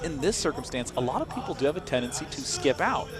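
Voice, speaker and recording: A man's voice: on the high side, sing-song, fast talker, loud music behind the voice. An American man casting a live strategy game match, analytical and fond of teasing banter. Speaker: esports commentator.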